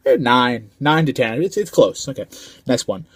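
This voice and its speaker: A man's voice: mid-range voice, expressive, normal speed, a bit bright, no room sound. A man giving a casual, rambling movie review, full of slang and filler ums.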